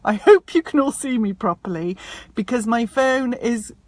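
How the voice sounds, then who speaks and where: A woman's voice: on the high side, lively intonation, moderate pace, darkish tone, no echo. Bubbly woman, live-stream chat from a car, dry close phone sound. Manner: chatty, bubbly, self-mocking. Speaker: self-help author and happiness coach. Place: inside a parked car. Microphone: phone propped up in front of her.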